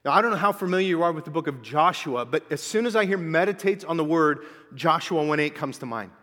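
An animated preacher in his forties, a man with a high, bright voice that rings through a long-reverb church hall. He tells stories and acts out quotes with lively energy. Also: quick pace. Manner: animated storytelling with acted-out quotes. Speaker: pastor. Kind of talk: sermon.

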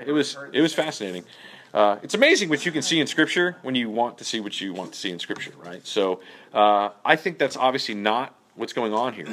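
A man's voice: lowish voice, a bit bright. A man leading a Bible study in a casual, conversational way, often checking in with "okay?" and "right?". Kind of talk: casual teaching.

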